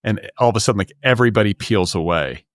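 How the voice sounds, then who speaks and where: A man's voice: lowish voice, fast, no room sound, clean studio sound. A middle-aged man hosting a podcast, telling a story in casual chat full of "like" and "you know". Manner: storytelling, loose with fillers like "like". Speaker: podcast host.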